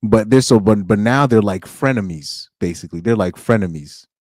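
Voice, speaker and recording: A man's voice: on the low side, normal speed, a little mellow, dry recording, clean studio sound. A young man streaming alone, chatting casually in slang, rambling and laughing as he goes. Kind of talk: casual chat.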